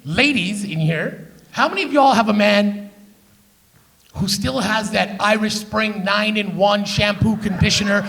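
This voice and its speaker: A Canadian man doing stand-up on a theater stage, brash and profane, with lots of crowd teasing. His voice sits high for a man and has a gravelly edge. He is heard through a handheld stage mic. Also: unhurried, fairly bright tone. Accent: Canadian English. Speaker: stand-up comedian. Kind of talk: live stand-up comedy. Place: live theater stage with audience.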